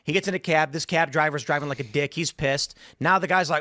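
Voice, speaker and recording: A man's voice: on the high side, steady tone, a little fast, few pauses, pushed and bright, dry recording, studio quality. A man telling a casual anecdote on a podcast, acting out the people in it. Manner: storytelling, acts out quoted voices. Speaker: podcast host telling a story. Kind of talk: casual anecdote in a played clip.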